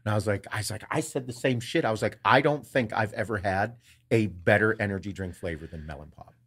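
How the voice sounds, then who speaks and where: A man's voice: on the low side, fast, a bit bright, husky. A man co-hosting a podcast, telling a story in casual chat. He swears freely, acts out quoted lines and laughs often. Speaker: podcast co-host.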